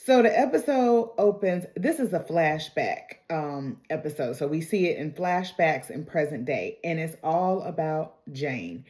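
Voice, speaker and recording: A woman in a casual vlog, recapping and reacting to a TV episode in an animated, slangy, chatty way. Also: low-pitched, measured pace, hardly any pauses.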